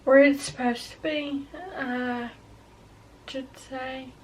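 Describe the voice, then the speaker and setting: A young woman in her early twenties speaks in a high, slow, halting way, often pausing and restarting as she opens up on camera. Her pitch stays fairly level. She sits a little back from the mic, with a faint hiss of background noise. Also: level tone, darkish tone, distant mic, poor audio. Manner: halting, hesitant, emotional. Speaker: vlogger. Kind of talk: personal confessional vlog.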